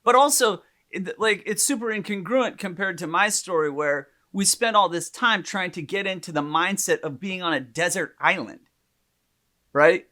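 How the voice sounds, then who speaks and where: A man's voice: high-pitched, moderate pace. A man co-hosting a podcast, telling a personal story in casual chat and acting out the people he quotes. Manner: animated storyteller, acts out quotes loudly. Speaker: podcast co-host.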